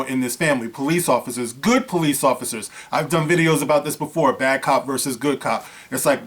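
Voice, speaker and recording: Seated indoors, a male vlogger gives a casual commentary monologue in a mid-range, fairly bright voice. He talks conversationally, acts out scenes as he goes, and uses many fillers like "you know."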